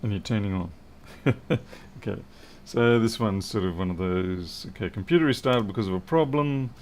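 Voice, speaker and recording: A man's voice: on the low side, moderate pace, darkish tone, a little hiss or hum. A man thinking aloud and muttering to himself as he works through a live repair stream. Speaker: electronics repair technician.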